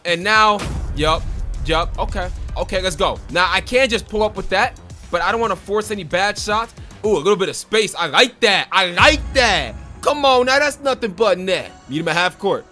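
A young man giving excitable gameplay commentary as a gaming YouTuber, trash-talking and repeating quick exclamations. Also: sits high, soft background music.

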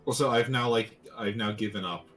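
A man co-hosting a game stream, talking in a relaxed, rambling way with many fillers and dry, self-mocking humor. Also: on the low side, fairly quick, soft background music, rough recording. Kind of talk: casual stream chat.

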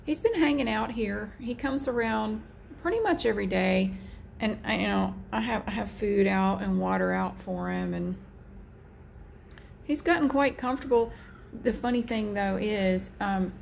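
A woman vlogger chatting casually while filming a cat outside, with a drawn-out, easygoing manner. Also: vocal fry, a little mellow, a little hiss or hum. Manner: chatty, slow and drawn out, slips into high baby talk for the cat.

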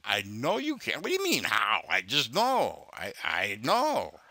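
Profane, mocking man with a bright, lively voice. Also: medium pitch, measured pace, creaky, no echo. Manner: profane, mocking, shouting insults. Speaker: scam baiter. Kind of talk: angry phone confrontation.

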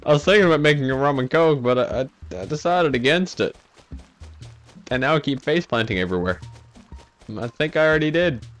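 Laughing let's play man, lively pitch. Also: fairly quick, faint music behind. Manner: self-mocking, laughs often at his own mishaps. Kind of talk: casual gameplay commentary.

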